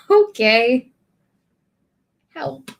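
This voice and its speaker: A woman streamer reading lyrics aloud in a deadpan way and chatting with her audience. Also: high voice, gravelly, highs cut off. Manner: slow, deadpan lyric reading with bursts of laughter.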